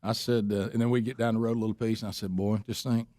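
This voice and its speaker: A man's voice: on the low side, flat delivery, fast talker, dark tone, no room sound. Man, middle-aged, radio co-host, rambling storyteller, dry close mic. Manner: rambling storyteller, teasing, many restarts. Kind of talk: casual chat.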